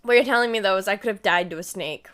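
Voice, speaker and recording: Talking fast in a medium-pitched, fairly bright voice, a woman in her twenties casually tells her live audience a story. She performs the lines she and her friends said.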